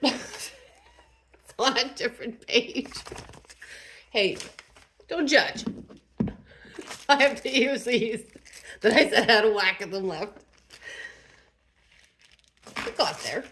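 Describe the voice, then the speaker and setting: A woman's voice: a little high, animated, takes it slowly, long pauses, bright, forceful tone, slight background noise. A woman vlogger narrating casually to herself as she assembles furniture, chatty and self-deprecating.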